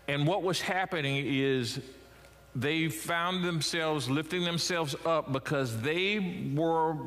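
Preaching man in a reverberant church. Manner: preaching with wide swings in pitch and loudness. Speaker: pastor. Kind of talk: sermon. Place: church sanctuary. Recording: church hall with long reverb.

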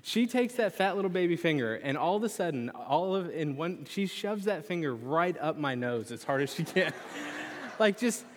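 Man, young adult, pastor, animated storytelling sermon, church hall reverb. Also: moderate pace, a little hiss or hum. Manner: animated storytelling, lively pitch swings. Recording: long reverb of a large hall.

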